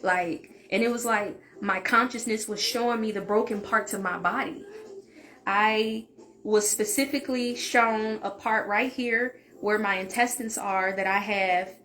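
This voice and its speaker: A woman's voice: medium pitch, fairly even intonation, measured pace, fairly bright tone. A woman vlogger telling a personal story in a casual, open way, often saying "like". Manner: chatty, open, fills speech with "like".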